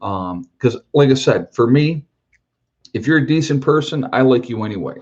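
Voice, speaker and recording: A man's voice: medium pitch, expressive, normal speed, a little mellow, breathy edge, lo-fi sound. A man from New York giving his opinions in a casual, earnest monologue, plain-spoken and rambling with fillers as he talks about a motorcycle trip.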